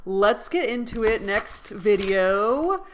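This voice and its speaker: A woman's voice: mid-range voice, expressive, slow, a little hiss or hum. A woman in a casual book vlog, musing aloud, questioning herself and joking at her own expense. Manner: playful, self-deprecating. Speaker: book vlogger. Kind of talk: casual chat.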